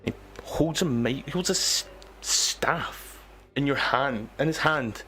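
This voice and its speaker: A man running a tabletop game as game master, narrating in a relaxed, descriptive way. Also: mid-range voice, slow pace, over music.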